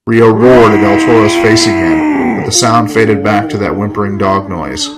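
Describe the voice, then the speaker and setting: A man with a fairly low voice reads a gritty first-person story aloud. His telling is hard-boiled and wry, with plenty of swearing. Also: very animated, normal speed, background noise. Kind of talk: first-person scripted narration.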